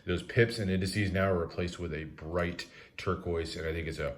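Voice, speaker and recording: Man, very low voice, casual product review, methodical, filler words. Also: moderate pace. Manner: relaxed, methodical, frequent "uh" fillers. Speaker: playing card reviewer.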